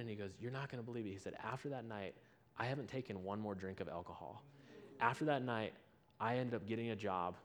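A man's voice: fairly low pitch, fast talker. A man preaching a sermon, telling a story and acting out both people in the conversation.

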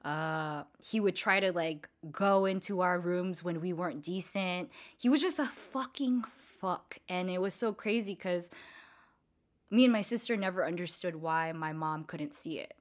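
Young woman, lowish voice, casual storyteller, curses a lot, heavy on fillers. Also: measured pace. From Southern California. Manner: casual, profane, lots of filler words.

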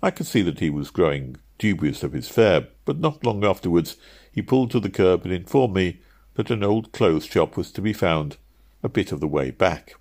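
A man narrating an audiobook in a measured, steady reading. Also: sits low.

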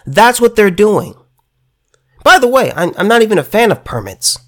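Heated political rant, sarcastic, stammers and restarts a lot, pitch all over the place. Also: big pitch swings, moderate pace, fairly bright tone. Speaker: political commentator.

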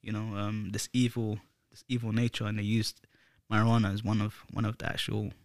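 A podcast co-host with a lowish voice speaks briskly and flatly, rambling through casual chat with plenty of fillers. The recording is studio quality and dry, with no room sound.

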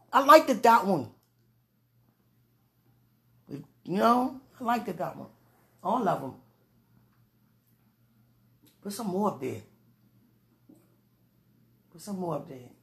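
A woman vlogging in a casual, gushing way, praying aloud and laughing between breathless exclamations. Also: on the low side. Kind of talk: casual talk to camera and prayer.

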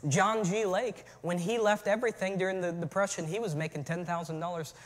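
A man preaching a sermon as pastor, moving from relaxed storytelling to shouted calls to his church. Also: sits high, fairly quick, in a large hall.

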